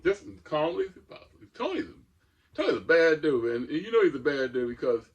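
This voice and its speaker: A man's voice: a little high, very animated, fairly quick, husky, highs cut off. An older man, a co-host telling a rambling story in a casual chat. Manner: rambling, restarts often, chuckles through stories.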